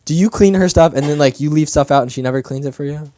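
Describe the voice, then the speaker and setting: A man's voice: fairly high pitch, fast, dark tone. A man hosting an open mic show, chatting loosely with the crowd, repeating himself and asking them questions. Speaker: comedy show host. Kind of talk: crowd work. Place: comedy club stage.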